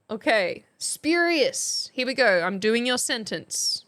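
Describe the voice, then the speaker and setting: A woman's voice: a little high, big pitch swings, slow, a bit bright. A young woman, chatting on a live stream, reading viewers' messages aloud and laughing often. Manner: reads chat entries aloud, laughs often. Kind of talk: casual live-stream chat.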